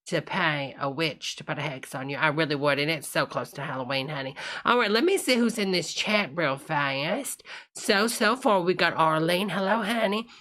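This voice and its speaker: Bright-voiced woman hosting a live stream. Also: lowish voice. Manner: chatty, calls everyone honey, greets viewers by name. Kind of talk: casual live-stream chat.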